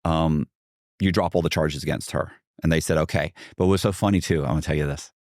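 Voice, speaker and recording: A man's voice: extremely low pitch, steady tone, fast, a little mellow, no room sound, studio quality. A man guest in a podcast interview, telling a long story animatedly and acting out what others said, with many fillers and restarts.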